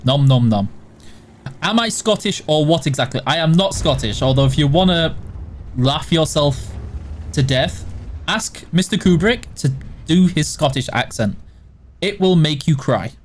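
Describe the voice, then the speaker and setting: Chatty stream host with mild Yorkshire accent. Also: male voice, fairly high pitch, animated, normal speed, a little hiss or hum. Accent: mild Yorkshire English. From West and South Yorkshire border, England. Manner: matter-of-fact, chatty. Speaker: stream host reading chat. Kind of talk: casual live-stream chat.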